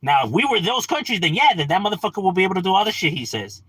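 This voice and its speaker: Casting: young guy, livestream ranter, blunt and profane, bright husky voice, very lively pitch. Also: very fast, no room sound, rough recording. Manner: blunt, profane, rhetorical questions. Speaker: livestream host. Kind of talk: casual ranting on a livestream.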